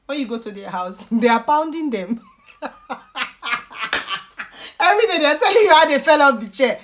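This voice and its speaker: A woman chats on a live stream, reading viewer comments aloud. Her voice sits high and swoops around a lot. She lectures with emphatic, repeated lines. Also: animated, fairly quick, pauses often. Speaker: YouTuber hosting a live stream.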